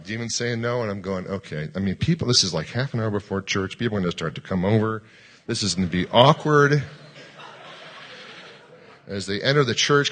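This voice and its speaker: Bright-voiced man telling a sermon story. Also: medium pitch. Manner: animated storyteller, acts out dialogue, shouts commands. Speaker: pastor.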